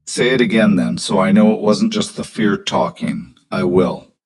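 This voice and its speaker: A man's voice: on the low side, fairly even intonation, moderate pace, husky. A man voicing a young woman schoolteacher in an audio story, speaking earnestly.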